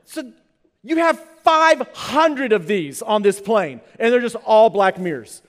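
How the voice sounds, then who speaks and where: A man's voice: high-pitched, normal speed. A man in his thirties, a pastor telling a comic personal story in his sermon, acting out the people in it. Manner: animated, comic storytelling with acted-out quotes. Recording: long hall reverb.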